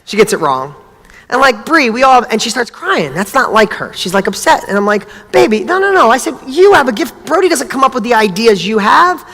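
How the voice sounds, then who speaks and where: Male motivational speaker, middle-aged, animated storyteller, reverberant hall sound. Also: very high voice, fairly quick. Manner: animated storytelling, acts out dialogue. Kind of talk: motivational talk.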